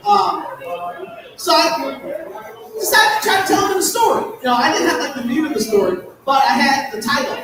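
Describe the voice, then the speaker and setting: A man performing a self-deprecating stand-up set, telling stories and laughing through his punchlines. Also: very high-pitched. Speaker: stand-up comedian. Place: large hall at a live benefit show. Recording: echoey hall, distant mic, audience noise.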